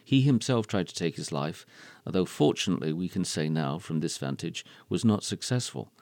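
A man hosting a radio interview, asking deliberate, measured questions. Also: deep voice, animated, vocal fry, a little mellow, no echo. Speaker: radio host.

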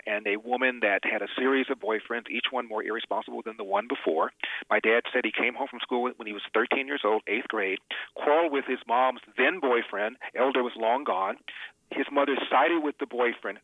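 A male radio host and author, appearing as an interview guest, tells an emotional personal story with emphatic repetitions. His voice is medium-pitched, heard over a dry, tinny phone line.

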